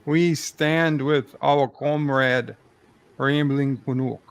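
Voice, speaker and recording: Guy doing a goofy fake russian comrade voice, slow and gravelly, dead serious about nonsense. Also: mid-range voice, steady tone. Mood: deadpan. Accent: put-on Russian. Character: joking fake Soviet man, boastful comrade. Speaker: stream host. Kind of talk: comedic bit on a casual stream.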